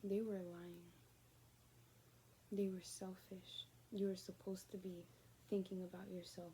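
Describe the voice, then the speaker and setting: A woman's voice: medium pitch, little pitch movement, measured pace, long pauses, warm tone, a little hiss or hum. A woman giving a casual, rambling spiritual reading to her viewers, often dropping to a near-whisper. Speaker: spiritual card reader.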